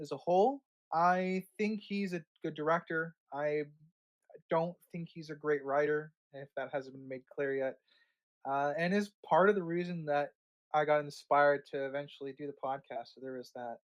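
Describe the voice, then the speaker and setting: A man co-hosting a film podcast, talking in a laid-back way and slipping in small laughs. His voice sits a little higher than most men's. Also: moderate pace, clear, resonant tone, dull audio. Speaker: podcast co-host. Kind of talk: casual chat.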